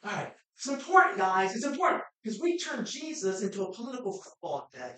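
A woman's voice: sing-song, fast talker. Echoey woman preaching passionately. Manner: impassioned preaching, rising to shouts and falling to low asides. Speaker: pastor. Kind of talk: sermon. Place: church sanctuary. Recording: very echoey hall, mic far off.

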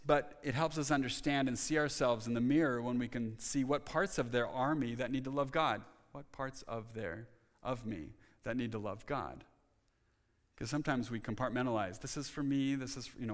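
A man's voice: mid-range voice, normal speed. A male pastor preaching a sermon in an earnest manner, often restarting his sentences and pressing hard on key points. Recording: long reverb of a church hall.

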